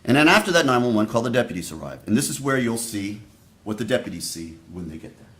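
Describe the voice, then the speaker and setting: A man giving a prosecutor's opening statement to a jury, speaking deliberately and straight to the jurors. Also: medium pitch, very animated, fairly bright tone. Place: courtroom. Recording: echoey courtroom audio.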